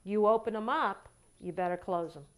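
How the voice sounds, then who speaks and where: A woman counselor telling a story from a session in a lecture, with animated, emphatic repetition and acting out both sides of the dialogue. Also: mid-range voice, moderate pace.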